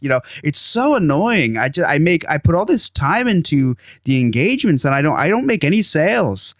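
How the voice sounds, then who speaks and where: Male podcast host, 30s, casual storyteller, slightly higher voice, dry close sound. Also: fairly quick, hardly any pauses, no echo. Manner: animated, exasperated storytelling with acted-out quotes.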